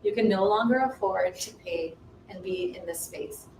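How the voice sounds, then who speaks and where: A woman's voice: medium pitch, moderate pace, a little mellow. A woman co-hosting a ministry livestream, earnestly telling a personal faith story with many restarts. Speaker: ministry co-host. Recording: roomy distant livestream audio, faint noise.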